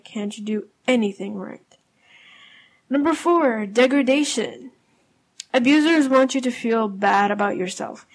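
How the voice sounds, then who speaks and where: A young adult woman hosting a casual solo podcast, explaining in a conversational way with frequent fillers and self-corrections. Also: fairly high pitch. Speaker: podcast host.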